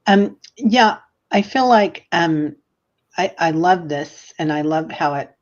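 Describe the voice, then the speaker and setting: Low-pitched woman psychic guest, chatty and animated, on a dull remote feed. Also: slow. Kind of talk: livestream conversation.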